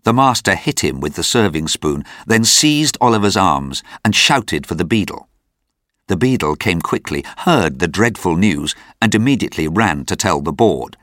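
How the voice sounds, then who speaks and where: A man narrating a classic story aloud for language learners, with expressive storytelling. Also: low voice, normal speed, no room sound, clean studio sound. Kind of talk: reading a graded story aloud.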